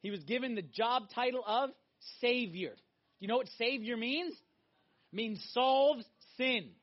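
A man preaching a sermon, emphatic and animated, swinging between loud exhortation and hushed intensity. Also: very high voice, a little slow. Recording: dull lo-fi recording.

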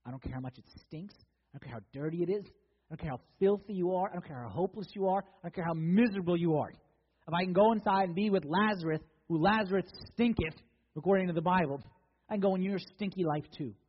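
A male preacher with a high, husky voice delivers a sermon in a loose, conversational way, slipping into the voices of the people in the story. The sound is dull and lo-fi, and a long reverb trails behind him as in a large church hall. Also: quick pace.

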